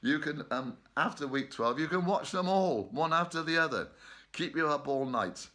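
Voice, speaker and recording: A man's voice: a little high, lively intonation, moderate pace, sharp tone. A man leading an online choir rehearsal from his bedroom, chatty and joking, laughing often. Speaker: choir leader. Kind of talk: casual online rehearsal chat. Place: bedroom at home.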